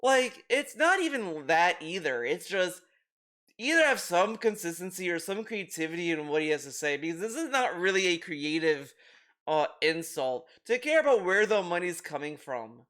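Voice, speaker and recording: High-voiced man ranting in reaction commentary. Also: very animated, moderate pace, a bit bright. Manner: rambling, frequent restarts, laughing and swearing. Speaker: commentary video host.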